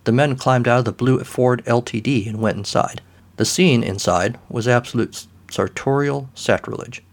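A male narrator reads a comic story dryly and deadpan, at a middling pitch and normal speed, his delivery scripted and even.

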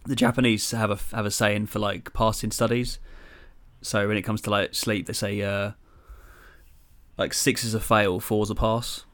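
A man's voice: fairly low pitch, flat delivery, moderate pace, a bit bright. A man, co-hosting a casual podcast chat, joking and swearing freely. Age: 20s. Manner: swears freely, jokey banter. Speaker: podcast co-host.

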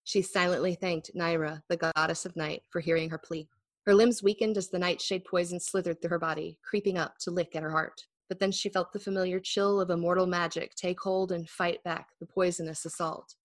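Low-voiced woman author, dry close sound. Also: fairly even intonation, fairly quick, no room sound. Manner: chatty, laughs easily, self-deprecating. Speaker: author and guest. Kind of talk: casual interview chat and book reading.

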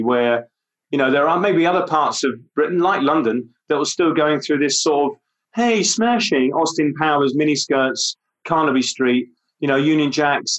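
A man's voice: mid-range voice, low-quality recording. A man co-hosting a podcast, talking casually about films in a rambling, self-deprecating way with plenty of ums and uhs. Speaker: podcast co-host. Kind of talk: casual film chat.

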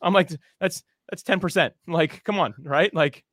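A man's voice: sits high, moderate pace, a bit bright, dry recording, studio quality. A man giving podcasting advice in a casual chat, upbeat and a bit teasing.

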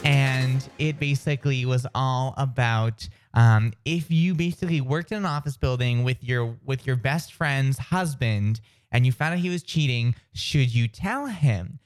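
A man's voice: measured pace, hardly any pauses, clean tone. A young man co-hosting a podcast in casual chat, telling stories with lots of energy and acting out quotes. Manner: animated storytelling, acts out quotes in high shrieks. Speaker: podcast co-host.

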